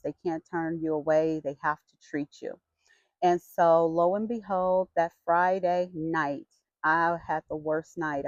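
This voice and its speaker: A middle-aged woman vlogger telling a personal story in a frank, chatty and expressive way. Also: lowish voice, no room sound. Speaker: vlogger sharing her health story. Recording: dull lo-fi sound.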